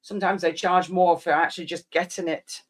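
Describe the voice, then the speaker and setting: A woman's voice: lowish voice, fairly even intonation, fairly quick. A woman in her fifties chats casually to her stream viewers. She rambles and reminisces in an easy, meandering way, and often trails off mid-thought. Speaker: live streamer chatting with viewers. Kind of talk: casual chat.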